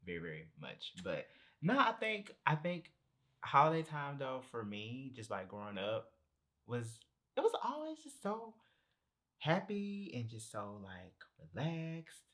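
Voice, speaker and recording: A young man co-hosting a podcast in casual chat, an animated storyteller who laughs often. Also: mid-range voice, measured pace. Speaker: podcast co-host.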